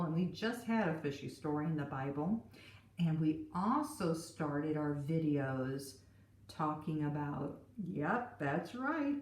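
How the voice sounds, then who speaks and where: A woman teacher reading a picture book and a Bible story to children in an animated storytelling way. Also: medium pitch, slight background noise. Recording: roomy, from a distance.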